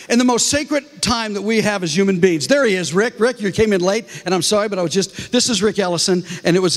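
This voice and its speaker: Animated man telling stories in a hall. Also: high voice. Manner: animated storytelling with many restarts. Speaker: comedian and guest speaker. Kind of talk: humorous talk to a congregation. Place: large church hall. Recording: reverberant hall.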